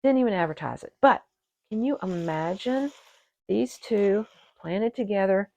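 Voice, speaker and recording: Excitable woman chatting at a table. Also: mid-range voice, unhurried, no echo. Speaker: orchid channel host. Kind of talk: casual unboxing chat to viewers. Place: indoors at a table. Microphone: camera set on the table.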